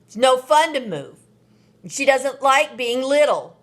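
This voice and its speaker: A woman voicing a stubborn, upset little boy in a storybook, loud and pleading. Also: sits high, lively intonation, measured pace, voice pushed up. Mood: insistent.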